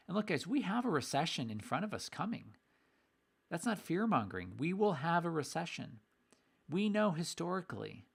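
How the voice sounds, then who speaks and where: A middle-aged man giving a casual video lesson on investing, energetic, repeating phrases for emphasis with a mildly sarcastic edge. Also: on the high side, creaky. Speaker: investing educator.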